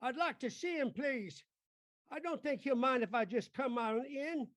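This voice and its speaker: A man's voice: extremely high pitch, normal speed, fairly bright tone, no room sound, clean studio sound. A man playing a pompous, blustering old senator. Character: blustering older male senator, pompous and scolding. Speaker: improv stage actor. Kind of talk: improvised mock-Shakespearean stage acting.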